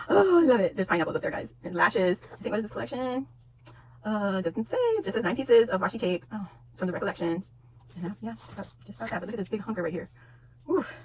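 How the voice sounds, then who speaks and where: A woman in her forties from Guam, hosting a casual unboxing vlog at home, gushing, laughing often and close to tears with excitement. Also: medium pitch, slight background noise. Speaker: YouTube host.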